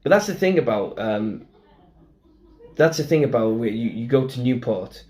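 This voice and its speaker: A young Welsh man from Merthyr co-hosts a podcast in loose, rambling chat. He restarts his sentences and states his opinions bluntly, his middle-pitched voice set in a noticeably echoey room. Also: expressive, normal speed, warm tone. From Wales. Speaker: podcast co-host. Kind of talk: casual chat. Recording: roomy echo.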